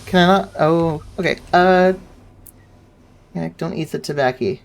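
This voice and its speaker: A lower-voiced woman streamer with an excitable, profane delivery. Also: a little slow, vocal fry. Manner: excitable, swears, reads game dialogue aloud. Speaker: game streamer. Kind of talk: let's-play commentary.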